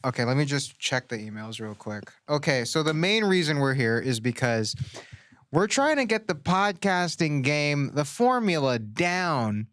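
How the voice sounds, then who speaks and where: A man co-hosting a comedy podcast, reacting in a quick, incredulous way. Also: fairly high pitch, big pitch swings, fairly bright tone, dry recording. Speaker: podcast co-host.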